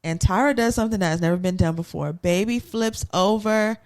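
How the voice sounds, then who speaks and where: A woman's voice: medium pitch, brisk, darkish tone. A woman, telling the story of a reality show episode to her co-hosts. She talks in a loose, chatty way, slips into playful voices for the people she quotes, and keeps the story moving with asides. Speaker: podcast co-host. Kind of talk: casual recap storytelling.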